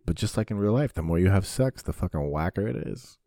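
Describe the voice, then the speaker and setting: Low-voiced, swearing podcast host. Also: male voice, expressive, brisk, no room sound, studio quality. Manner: profane, rambling, jokey with sudden loud bursts. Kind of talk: casual crude comedic monologue.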